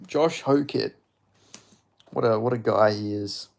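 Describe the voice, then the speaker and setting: A man's voice: on the low side, unhurried, creaky, darkish tone. A young man hosting a fight watch-along stream, chatting casually, swearing and joking with viewers. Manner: swears often, jokes with chat, laughs a lot. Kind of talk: casual live-stream chat.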